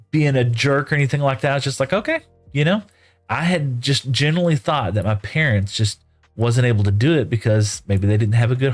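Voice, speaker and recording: Middle-aged man, game streamer, chatty folksy storyteller, light music underneath. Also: mid-range voice. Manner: folksy, rambling, lots of "you know" and "right?". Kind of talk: casual storytelling while gaming.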